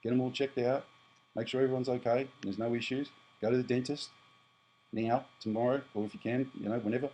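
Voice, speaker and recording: A man's voice: medium pitch, fairly even intonation, fairly quick, warm tone, slightly rough, muffled recording. Blunt rambling Australian man in his fifties. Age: 50s. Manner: blunt, rambling, self-correcting. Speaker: prepper vlogger. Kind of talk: casual monologue to camera.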